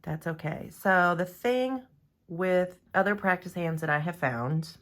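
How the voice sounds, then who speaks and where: A woman with a low, deep voice and a drawl chats at a slow, easy pace from her home nail salon. She unboxes nail art gear with excited gushing, gasps and sighs. Her tone stays casual and chatty, like a vlogger talking to regular viewers. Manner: excitable, gushing, often gasping and sighing.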